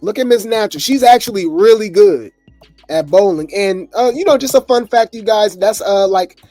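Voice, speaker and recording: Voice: mid-range voice, moderate pace, warm tone, dry recording. A laid-back gossip host rambles through reality TV commentary, drifting between thoughts with plenty of fillers and easy chuckles. The voice is close and dry, with faint music underneath.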